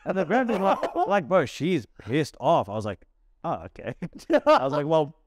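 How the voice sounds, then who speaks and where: An Australian podcast host with a fairly high voice speaks at normal speed, telling a story in casual chat with animated, acted-out quotes and plenty of laughter. The recording is dry with clean studio sound.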